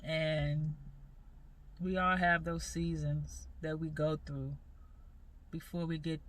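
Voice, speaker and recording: A woman in her forties talking earnestly in a personal faith vlog, halting and repeating her phrases as she goes. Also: sits low, little pitch movement. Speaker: vlogger.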